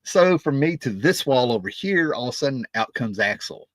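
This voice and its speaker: A man's voice: medium pitch, expressive, normal speed, a bit bright, dry recording. A man in his fifties telling a rambling, casual story as a music vlogger, often checking in with "right?" and "you know".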